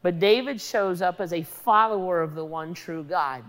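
A woman preaches a sermon, her voice sitting low for a woman. She talks in a loose, conversational way, leaning on everyday stories to make her point. Her words ring out with a long reverb, as in a big hall. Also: normal speed. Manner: conversational, illustrative storytelling.

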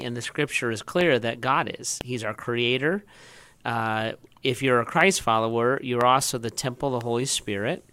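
Man, pastor, earnest explaining, bright clear voice, dry sound. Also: medium pitch, no echo. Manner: earnest, restarts phrases while explaining. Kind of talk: conversational teaching.

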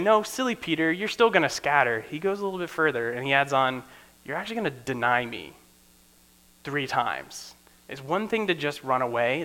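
A young man preaching in a relaxed, conversational way, often checking in with "right?" and acting out the people he quotes. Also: on the high side. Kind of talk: casual teaching sermon.

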